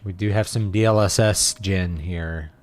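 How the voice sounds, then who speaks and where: A man's voice: deep voice, steady tone, unhurried. A man in his thirties streaming a game, talking casually and rambling as he thinks aloud. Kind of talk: casual gaming livestream chat.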